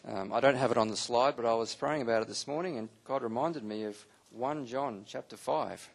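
A man with a gravelly, slightly husky voice teaches a Bible class to a live audience. He delivers it as an animated sermon and acts out quotes with sudden jumps in pitch. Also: a little fast, few pauses.

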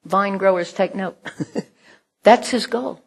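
A woman's voice: mid-range voice, takes it slowly, gravelly. A woman preaching a sermon in an earnest way, often dropping almost to a whisper and laughing now and then.

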